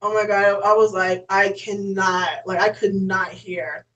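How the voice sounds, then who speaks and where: A woman's voice: medium pitch, flat delivery, a little slow, a bit bright, distant mic, dull audio. A young woman chatting casually, rambling and saying "like" constantly. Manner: rambling, heavy use of "like". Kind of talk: casual chat.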